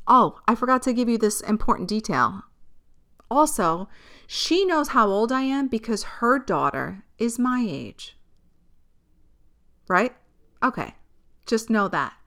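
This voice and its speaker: A young woman with a bright, forceful, somewhat high voice hosts a podcast. She tells a personal story in a candid, exasperated way, swearing and laughing often, as a casual storytelling monologue.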